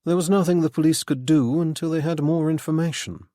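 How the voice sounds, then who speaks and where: A man giving a measured scripted narration of a mystery audiobook. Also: on the high side, dark tone, dry recording, studio quality.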